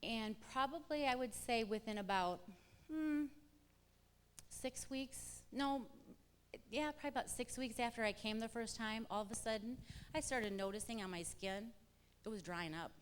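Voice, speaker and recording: A woman's voice: on the high side, normal speed, pauses often, smooth. A middle-aged woman telling her personal testimony to a church congregation, vividly acting out remembered conversations. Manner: animated storyteller acting out quoted exchanges. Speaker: church member giving testimony. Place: church hall. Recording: long church hall reverb.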